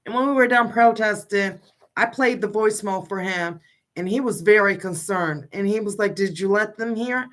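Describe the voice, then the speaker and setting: A woman's voice: mid-range voice, moderate pace, fairly bright tone. A middle-aged woman, a grieving mother, talking casually on a livestream and insistently reading out a list of questions. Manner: blunt and insistent, pressing question after question.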